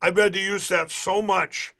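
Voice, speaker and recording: Guest, male: high, bright, emphatic storyteller who repeats himself. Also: fairly even intonation, a little slow. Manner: emphatic, repeats himself, acts out other people's lines. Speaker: interview guest. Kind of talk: animated storytelling.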